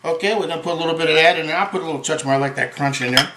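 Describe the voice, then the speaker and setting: Bright-voiced jokey cooking host. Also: male voice, on the high side, very fast. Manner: folksy, jokey, drops Italian words. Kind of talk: home cooking demonstration. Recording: echoey room with faint guitar music.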